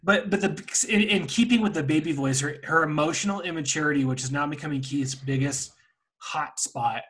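A man with a husky, slightly breathy voice, pitched a touch high for a man, talking as a podcast co-host. He chats casually and animatedly, breaking into quick impressions of other people. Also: fairly bright tone. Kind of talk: casual chat recapping a reality show.

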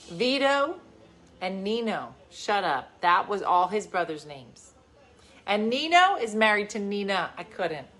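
A woman in her forties hosting a livestream, telling stories in a casual chat and swinging from loud bursts to hushed asides. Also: mid-range voice, very animated, a little slow. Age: 40s. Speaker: livestream host.

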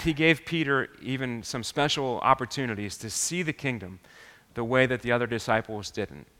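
A man preaching a sermon as pastor, earnest and halting, often restarting his sentences. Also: lowish voice, bright, forceful tone, big-room sound.

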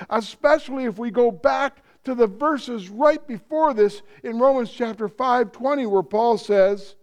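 A man preaching a sermon, deliberate and emphatic, posing rhetorical questions and dropping low and soft on solemn points. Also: expressive.

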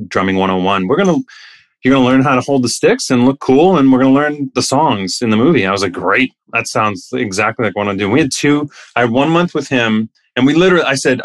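A middle-aged man tells stories in a loose, casual way and bursts into lively quoted voices, jumping well up in pitch. His voice sits in an ordinary middle register and sounds close and dry, with no room around it. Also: no echo. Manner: animated, acts out quoted voices with big pitch jumps. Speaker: actor guest. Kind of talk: casual anecdotal storytelling.

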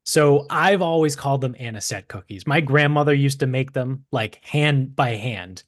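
A man around thirty with a Boston accent, co-hosting a podcast and telling stories in an animated, profane way. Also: medium pitch, moderate pace, no room sound, clean studio sound. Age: 30s. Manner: animated, swearing storyteller. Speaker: podcast co-host. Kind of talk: casual chat.

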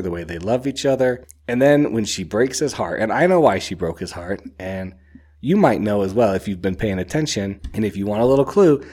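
A man's voice: on the low side, a little mellow. A man talking casually and enthusiastically about a book he has read, rambling with lots of filler words. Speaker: book reviewer.

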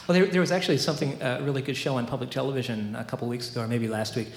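A woman's voice: a bass voice, fairly even intonation, very fast, reverberant. A woman hosting a casual chat, asking questions and drifting into asides. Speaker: host.

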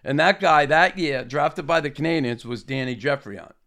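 A man, a former hockey player telling an animated anecdote and acting out quotes. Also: fairly high pitch, moderate pace. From Boston area. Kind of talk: anecdotal storytelling.

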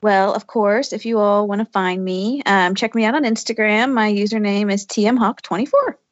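A woman's voice: mid-range voice, normal speed, dry recording. A woman co-hosting a casual podcast, easygoing and a bit self-deprecating. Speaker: podcast co-host. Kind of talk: casual chat. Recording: dull, lo-fi sound.

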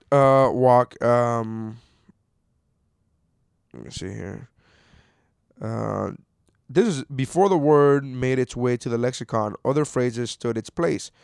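A man in his thirties ranting casually, cursing often and swinging from low mutters to loud outbursts. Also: dry recording, studio quality. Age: 30s. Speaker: commentator reading an article. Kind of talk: casual rant.

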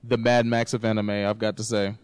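A man's voice: on the low side, level tone, brisk, clean tone, no echo. A man hosting a casual podcast chat, talking in a laid-back, rambling way with many fillers. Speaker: podcast host.

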